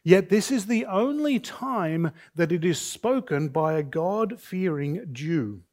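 A man preaching an expository sermon, measured and deliberate, reading scripture aloud between points. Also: lively intonation, a little mellow. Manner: deliberate, measured preaching with slow emphatic phrases; reads scripture aloud with raised pitch for quoted speech. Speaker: pastor.

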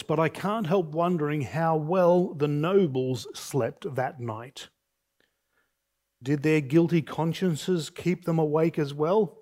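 A man preaching an expository sermon, measured and deliberate, reading scripture aloud between points. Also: darkish tone. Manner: deliberate, measured preaching with slow emphatic phrases; reads scripture aloud with raised pitch for quoted speech. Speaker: pastor.

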